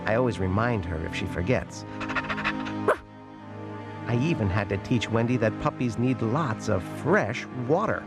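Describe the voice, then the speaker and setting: A man reading a storybook aloud, voicing a lonely young male puppy who tells his own story in a gentle, lively way. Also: lowish voice, measured pace, pitched below the performer's own voice. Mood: warm storytelling. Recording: loud music playing behind.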